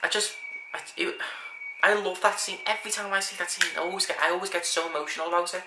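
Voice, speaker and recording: A man's voice: high-pitched, fairly even intonation, fast talker. A man talking casually to camera, earnest and rambling, often restarting his sentences. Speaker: vlogger. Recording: echoey room with faint background hiss.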